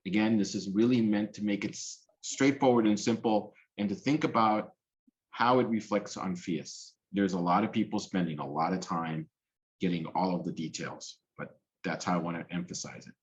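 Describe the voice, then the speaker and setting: A man's voice: low-pitched, steady tone, normal speed, lo-fi sound. A man presenting on policy in a webinar, earnest and self-correcting as he talks. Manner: earnest, with frequent restarts and fillers. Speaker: policy specialist presenting a talk.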